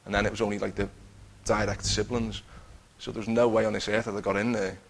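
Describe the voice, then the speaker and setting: A man's voice: fairly low pitch, level tone, quick pace, slight background noise. A man giving an earnest personal testimony, telling his story with many restarts. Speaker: testifying believer.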